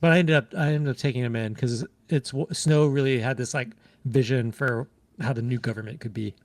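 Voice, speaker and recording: A man's voice: mid-range voice, steady tone, brisk, no echo. A man co-hosting a podcast, chatting casually about a video game and retelling scenes with lots of fillers. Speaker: podcast co-host.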